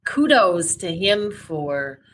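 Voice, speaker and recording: A woman co-hosting a casual podcast, speaking emphatically and bluntly with plenty of fillers. Her voice sits fairly low but sounds bright and forceful. A faint hiss lies under the recording. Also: sing-song, slow pace, low-quality recording. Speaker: podcast co-host.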